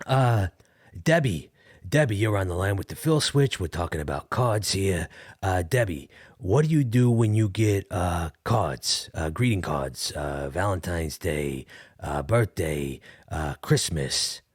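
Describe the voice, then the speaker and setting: A man hosting a mock call-in comedy podcast, speaking haltingly with many pauses. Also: deep voice, animated, slightly rough, no echo, clean studio sound. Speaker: podcast host.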